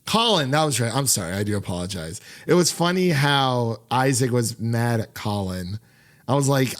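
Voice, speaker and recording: A man's voice: mid-range voice, animated, normal speed. A man hosting a film podcast in casual chat, rambling and laughing often, with upbeat sign-offs. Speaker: podcast host.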